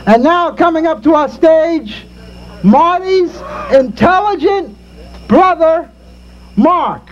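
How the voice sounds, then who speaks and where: A man's voice: extremely high pitch, animated, slow pace, a crowd in the background. A man hosting and emceeing a backyard talent show, introducing acts and ribbing the performers, recorded on dull lo-fi tape. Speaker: host and emcee. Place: backyard party outdoors.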